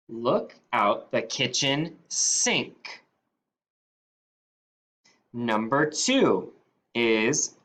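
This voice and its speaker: A male teacher leading a phonics spelling dictation, saying each word deliberately and sounding it out in parts. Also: mid-range voice, sharp tone.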